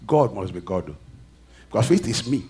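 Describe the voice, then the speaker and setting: A man preaching a sermon, reading scripture and drawing answers from the congregation, swinging between loud and soft. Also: on the low side, big pitch swings, fairly quick, a little hiss or hum.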